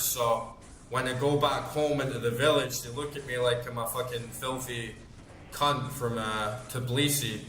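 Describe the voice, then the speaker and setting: A man's voice: mid-range voice, steady tone, normal speed, a bit bright. A man in his thirties, a gaming channel host, chatting casually while playing, rambling with lots of fillers and swearing freely. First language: English. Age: 30s. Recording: roomy echo, faint background noise.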